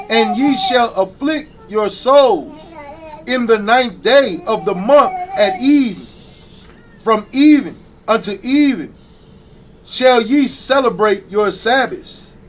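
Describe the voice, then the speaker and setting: A man reading scripture aloud in a slow, loud, deliberate recitation during a religious class. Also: very high voice, animated, noisy background. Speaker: scripture reader.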